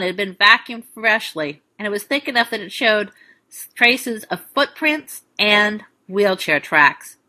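A woman reading an audiobook thriller in steady, measured scripted narration. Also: mid-range voice.

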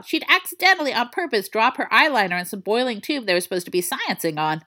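A woman reading a story aloud in a playful, expressive way. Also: on the high side. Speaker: narrator. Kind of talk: storybook fan-fiction reading.

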